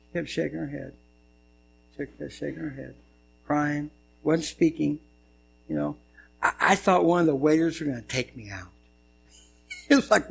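A man preaching a sermon, telling a story and swinging between loud and hushed delivery. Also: fairly high pitch, lively intonation, unhurried, gravelly, long pauses, husky, low-quality recording. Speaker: pastor.

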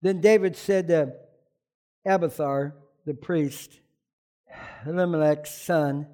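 A man preaching a sermon as pastor, animated, often asking the congregation questions. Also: a little high, takes it slowly.

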